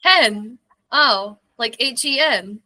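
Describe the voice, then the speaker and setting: Young scottish woman, higher voice, slow unhurried delivery, giggly and playful, explaining slang words. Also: animated, pushed and bright. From Scotland. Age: young adult. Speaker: guest. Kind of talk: casual interview.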